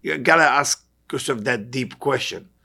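A man's voice: mid-range voice, moderate pace, creaky, pushed and bright, husky. A man giving a spiritual lecture to an audience, earnest and questioning, often repeating short phrases. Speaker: Kabbalah teacher.

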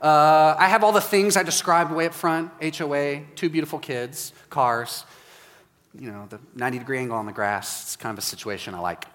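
Man in his 40s, pastor: lively sermon storytelling, then quiet reflective prompts, long church-hall echo. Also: on the high side, fairly quick. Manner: animated storytelling, acts out dialogue, softens to quiet prayer prompts. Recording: reverberant hall.

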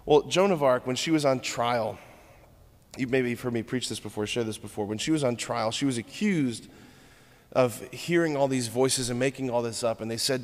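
Man, preacher, sermon, earnest, rhythmic lists, medium pitch, echoing hall. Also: normal speed. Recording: long hall reverb.

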